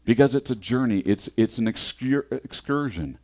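A man's voice: mid-range voice, expressive, normal speed, a little mellow. A middle-aged man preaching a sermon in an earnest, conversational way, often repeating words as he restarts.

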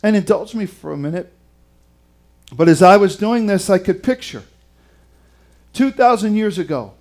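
A man preaching a sermon, reading scripture and retelling it with dramatic, emphatic delivery and wide swings in loudness. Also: high-pitched, expressive, normal speed.

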